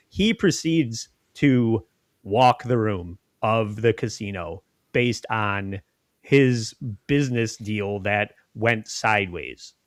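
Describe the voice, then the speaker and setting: A man's voice: medium pitch, dry recording, clean studio sound. A man hosting a podcast in casual chat, rambling and often laughing. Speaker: podcast host.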